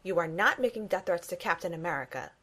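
A woman's voice: on the low side, expressive, fast, a bit bright. A woman voicing a breezy, teasing young woman in a fan fiction reading. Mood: playful.

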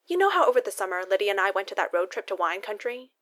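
A woman's voice: medium pitch, sing-song, fast talker, fairly bright tone. A woman reading a story aloud and voicing a chatty, upbeat younger sister.

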